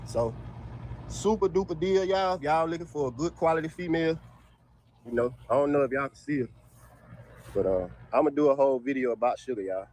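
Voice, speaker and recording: A man, casually pitching his dogs for sale to viewers outdoors in his yard, peppering his talk with "y'all". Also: fairly quick, darkish tone, a little hiss or hum. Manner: drawls "y'all" constantly, Southern US dialect. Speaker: dog breeder selling dogs.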